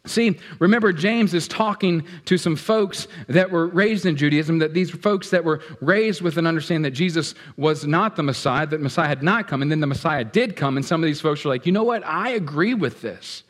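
A man's voice: a little high, a little fast, few pauses. A man preaching a sermon as pastor, talking directly and playfully to his congregation. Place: church sanctuary. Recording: echoey hall.

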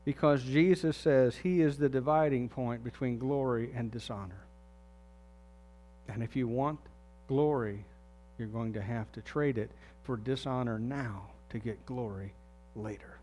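A man's voice: mid-range voice, unhurried, warm tone, faint music behind. A man preaching a sermon as pastor, talking earnestly and putting direct questions to his congregation.

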